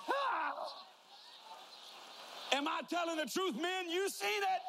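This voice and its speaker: High-voiced, joking preacher. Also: male voice, slow, vocal fry, background noise. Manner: joking, folksy storytelling, emphatic. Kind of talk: humorous sermon.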